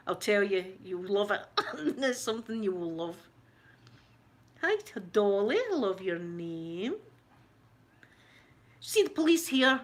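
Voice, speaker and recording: A Scottish woman chatting casually on a livestream, telling gossipy stories with a lot of laughter. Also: medium pitch. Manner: animated, gossipy storytelling with lots of laughter. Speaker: ASMR YouTuber answering live chat.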